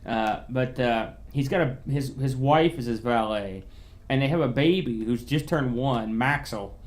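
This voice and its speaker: A man's voice: mid-range voice, a little slow. A man in casual podcast chat with a middle-range voice, rambling through long explanations. He circles back and restarts his sentences as he goes. He sounds easygoing. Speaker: podcast co-host.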